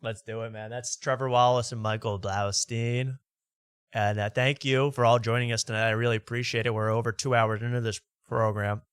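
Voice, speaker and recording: A man's voice: mid-range voice, level tone, brisk, fairly bright tone, clear, resonant tone, no room sound. Man, late-night comedy host, rambling jokey rants, dry close sound. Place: studio.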